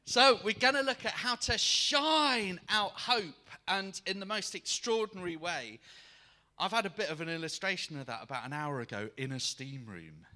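Lively bright-voiced preacher. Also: male voice, sits high, moderate pace. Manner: animated, acts out quoted voices. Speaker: guest preacher. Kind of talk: sermon with personal storytelling.

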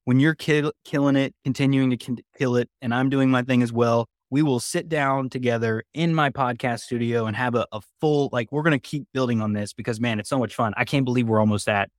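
A man's voice: medium pitch, brisk, few pauses, no echo. Upbeat male podcast host, dry sound. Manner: upbeat, with frequent restarts. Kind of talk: conversational interview.

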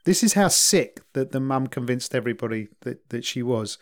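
A man co-hosting a podcast, talking in a casual, animated way, laughing often and rambling with restarts. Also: medium pitch, normal speed. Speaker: podcast co-host. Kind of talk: casual chat.

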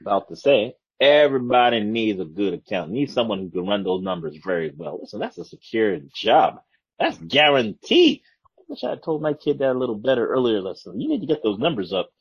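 A man's voice: on the low side, expressive, fast talker, darkish tone, husky. A man co-hosting a podcast, chiming in with emphatic asides in casual chat, recorded on dull lo-fi audio. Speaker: podcast co-host.

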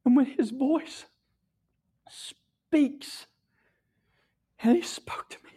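A tearful man sharing an emotional personal testimony, often dropping his voice to a hushed whisper. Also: very high voice, extremely slow.

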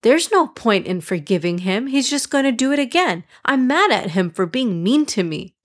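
A woman voicing an upset, earnest young boy in a storybook, lifting her voice higher and brighter. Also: sing-song, normal speed. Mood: aggrieved.

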